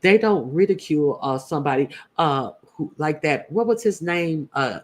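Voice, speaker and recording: A man hosting casual opinion commentary, blunt and profane, halting often with "uh" fillers as he talks. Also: fairly high pitch, expressive. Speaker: YouTube commentator host.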